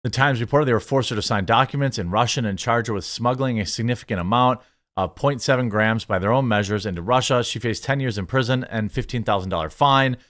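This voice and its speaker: A man's voice: medium pitch, fast, a bit bright. A man hosting an online commentary video, reading article excerpts aloud and answering them with mocking, indignant remarks. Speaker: commentary channel host.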